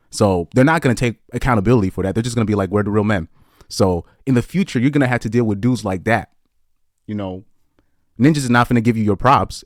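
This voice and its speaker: A man shares blunt opinions in loose, rambling podcast commentary. He often restarts his sentences and chuckles between points. His voice is on the low side, and the recording is dry with no room sound. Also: no room sound.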